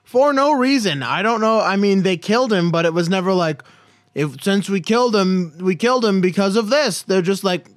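A man's voice: sits high, moderate pace, no echo, clean studio sound. A man co-hosting a podcast, chatting casually about a movie in a mocking, sarcastic way with hesitant restarts. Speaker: podcast co-host. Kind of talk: casual movie-review chat.

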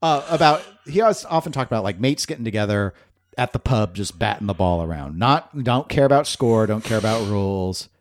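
A male podcast host in easy, casual chat, wandering off into jokes and asides. His voice sits fairly low but moves all over the place in pitch. The sound is close and dry, with no room around it. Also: animated, a little fast, no room sound. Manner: digressive, jokey.

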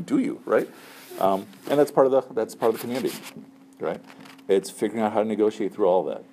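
A man's voice: mid-range voice, a little mellow, slight background noise. A middle-aged man, a Muslim chaplain, giving students casual, conversational advice and often checking in with "right?" and "okay?". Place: room with a student group.

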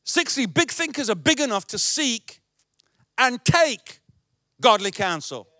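A man's voice: very high voice, very animated, measured pace, bright, forceful tone, no room sound, clean studio sound. A male pastor preaching a sermon, emphatic and repetitive.

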